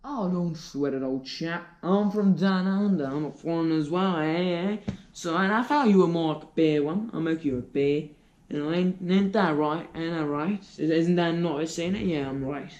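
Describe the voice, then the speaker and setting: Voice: mid-range voice, moderate pace, a little mellow, lo-fi sound, natural voice. A speaker voicing a cocky man with a put-on Australian accent, who brags at a bar and keeps asking if he is right. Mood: boastful. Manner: brash and boastful, with tag questions. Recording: roomy echo.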